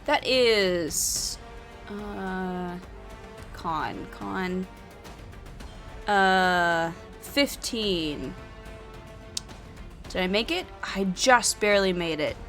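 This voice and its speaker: A woman playing and narrating a solo tabletop adventure, counting dice aloud and flaring into loud frustration. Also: medium pitch, extremely slow, pauses often. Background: faint background music.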